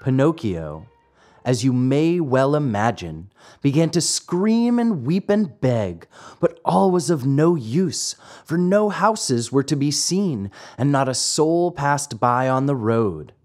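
A man reading a classic fairy tale aloud as host, measured and expressive. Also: mid-range voice, soft background music. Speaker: host and reader. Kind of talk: storybook narration.

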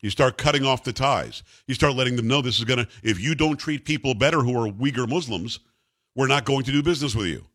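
A man's voice: medium pitch, quick pace. Emphatic male talk radio host. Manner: emphatic, animated, mocking voices. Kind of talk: opinionated talk radio monologue.

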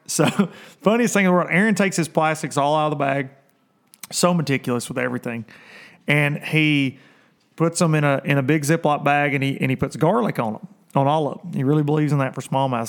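A male host with a slightly raised voice tells a rambling fishing story, laughing often. He slips into little voices to quote friends, and his delivery stays loose and animated. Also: a little high, a little fast. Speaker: podcast host. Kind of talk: casual storytelling chat.

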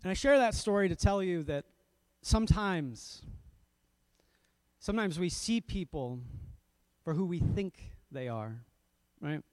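A pastor tells a story in a sermon, self-deprecating and animated, laughing at himself along the way. His voice sits a little high for a man. The sound is dry and close, with no room around it. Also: a little slow, clear, resonant tone, no room sound.

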